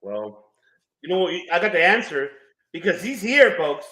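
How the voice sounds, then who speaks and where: Bright, playful male co-host in a roomy sound. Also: sits high, sing-song, normal speed. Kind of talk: casual watch-party chat.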